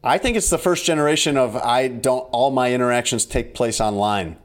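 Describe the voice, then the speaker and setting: A man's voice: medium pitch, brisk. Wry man telling a story. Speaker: podcast co-host. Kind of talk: casual chat.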